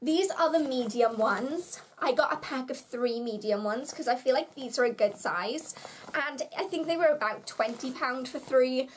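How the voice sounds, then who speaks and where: A woman's voice: high-pitched, normal speed, slight background noise. A young woman from the UK, chatting in a bubbly, self-mocking way as she shows off her shopping haul for her vlog. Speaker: vlogger.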